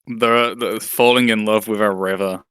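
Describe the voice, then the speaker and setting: Male podcast co-host, smooth and clear, dry recording, jokey banter. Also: on the low side, fairly even intonation, moderate pace, a bit bright, no room sound. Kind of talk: casual chat.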